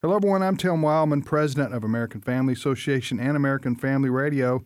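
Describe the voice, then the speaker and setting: A man's voice: mid-range voice, racing, noisy background. A man hosting a radio talk show and reading promos in an upbeat, announcer-like way. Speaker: radio host.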